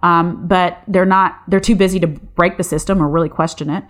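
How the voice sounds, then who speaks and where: Middle-aged woman, nurse, frustrated and passionate, talks in restarts, a touch low in pitch. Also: steady tone, fairly quick. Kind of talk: casual chat.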